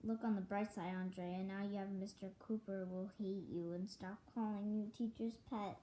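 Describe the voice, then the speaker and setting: A woman's voice: mid-range voice, fairly even intonation, moderate pace, mellow, slight background noise, lightly acted. A woman voicing a cheeky young schoolboy who teases and jokes, recorded with room echo. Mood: teasing. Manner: teasing, joking. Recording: echoey room.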